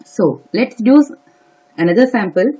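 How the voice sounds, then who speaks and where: An exam prep tutor giving earnest step-by-step advice, with frequent filler pauses. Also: medium pitch, animated, mellow, husky. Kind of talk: instructional talk to camera. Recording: dull lo-fi recording.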